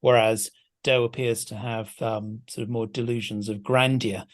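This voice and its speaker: A man's voice: lowish voice, flat delivery, moderate pace. A man guest discussing a film in a casual podcast chat, thoughtful and hesitant with frequent restarts.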